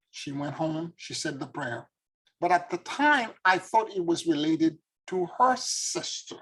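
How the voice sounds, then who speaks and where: A man's voice: fairly high pitch, big pitch swings, measured pace, fairly bright tone, breathy edge, low-quality recording. A man, a spiritual teacher and former tarot reader, telling a story in an earnest, reflective and emotional way.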